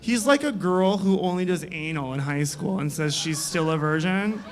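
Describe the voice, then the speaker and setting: Young male comic, fairly high voice, crude sarcastic stand-up, ribs the crowd. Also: lively intonation, normal speed. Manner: crude, sarcastic, teasing the audience. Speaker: comedian and host. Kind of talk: live stand-up comedy. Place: bar stage, live show.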